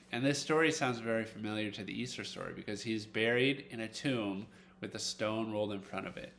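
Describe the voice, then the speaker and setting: A man teaching a children's Bible lesson, telling the story in a lively way and acting out the quotes. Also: on the low side, a little hiss or hum.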